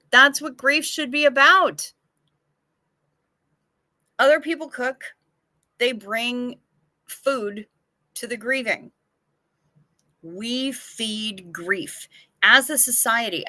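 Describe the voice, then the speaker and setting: Slow-talking, bright-voiced woman streamer. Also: on the high side, no room sound. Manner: chatty and frank, with casual swearing. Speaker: livestream host. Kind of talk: casual livestream chat, reading viewer comments aloud.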